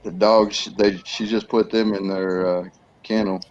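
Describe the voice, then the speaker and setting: A man's voice: lowish voice, little pitch movement, unhurried, lo-fi sound, slight background noise. A man, chatting easily in a folksy way on a video call. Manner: folksy, easygoing. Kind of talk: casual chat on a video call.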